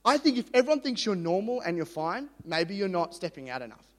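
A man preaching a sermon with energetic, jokey, excitable delivery. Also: high-pitched, brisk, in a large hall.

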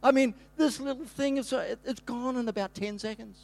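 Older male pastor, high-pitched, animated storyteller who rambles and restarts, with sudden shouted bursts. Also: fairly quick, vocal fry. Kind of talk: storytelling sermon.

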